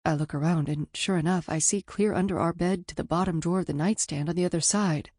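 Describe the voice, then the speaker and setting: Woman reading an audiobook in first person, low warm-dark voice, dry close studio sound, candid and intimate. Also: fairly even intonation, a little fast, dry recording. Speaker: audiobook narrator.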